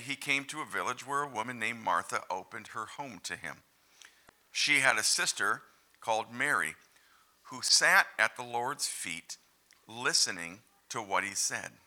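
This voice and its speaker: A male pastor delivers a conversational sermon and speaks to the congregation with direct questions. His voice is very bright and forceful. He keeps an unhurried pace. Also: medium pitch, animated.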